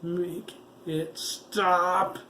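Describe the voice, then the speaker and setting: A man's voice: high-pitched, level tone, drawn-out words, sharp tone, echoey room, a little hiss or hum, voice pushed up, heavily acted. A man voicing a feral bionic werewolf boy with an electronically enhanced voice, swinging between sobbing pleas and growled threats. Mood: screaming.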